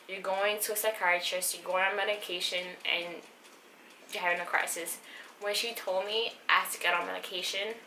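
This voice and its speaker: A woman's voice: on the low side, bright, forceful tone. A young woman telling her personal story in a rambling, emotional vlog, with many fillers and restarts. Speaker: vlogger. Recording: echoey room with faint background noise.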